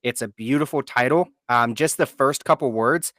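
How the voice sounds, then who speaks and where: A man's voice: mid-range voice, moderate pace, fairly bright tone, dry recording, studio quality. A man co-hosting a live podcast, earnest and heartfelt, often repeating words for emphasis. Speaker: podcast co-host. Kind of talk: casual live podcast talk.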